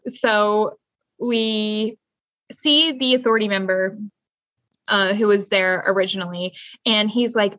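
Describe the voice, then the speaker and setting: A woman's voice: mid-range voice, unhurried, pushed and bright, dry recording. A young woman co-hosting a casual TV recap chat, retelling scenes and acting out the characters' lines. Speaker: podcast co-host. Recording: dull dry lo-fi sound.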